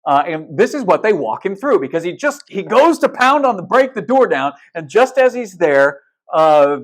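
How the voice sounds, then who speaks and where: A male pastor preaching a sermon in a casual, storytelling way, retelling film scenes with blunt asides and restarts. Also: a little high.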